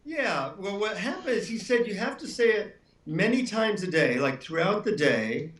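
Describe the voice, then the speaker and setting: A man, an author being interviewed, telling relaxed anecdotes with frequent fillers. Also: high voice, moderate pace. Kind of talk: anecdotal storytelling. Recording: roomy room, distant mic.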